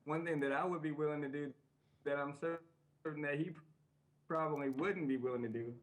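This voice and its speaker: Male guest, slightly high pitch, earnest, repeats phrases for emphasis, interview. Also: fairly even intonation, normal speed, soft background music. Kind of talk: interview talk. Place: small TV studio.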